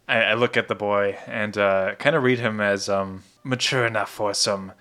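A man's voice: lowish voice, steady tone, normal speed, pushed and bright. A man playing a tabletop game, talking casually. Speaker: player.

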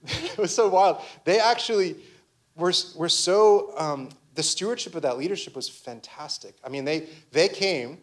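A man's voice: fairly high pitch, normal speed. A young man, a pastor, giving a conversational sermon full of personal stories, with many restarts and fillers.

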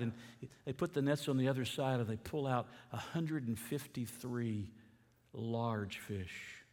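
A male pastor preaches a sermon, reading scripture and asking the listeners questions, getting loud and then dropping low and quiet. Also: measured pace. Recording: long reverb of a church hall.

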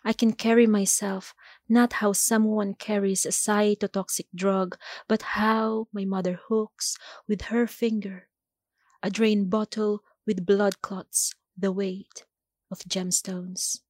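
A woman poet speaks in an unhurried, deliberate cadence, letting each phrase settle before the next. Her voice sits in an ordinary middle register. The recording is close and dry, with no room sound. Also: medium pitch, level tone, darkish tone, no room sound. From Philippines. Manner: slow, measured, deliberate delivery. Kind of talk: poetry reading and interview answers.

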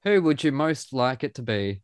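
A man's voice: medium pitch, very animated, moderate pace, clear, resonant tone, no echo, clean studio sound. A man from Australia, hosting a podcast with a joking, self-mocking manner and casual swearing. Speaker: podcast host. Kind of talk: casual chat.

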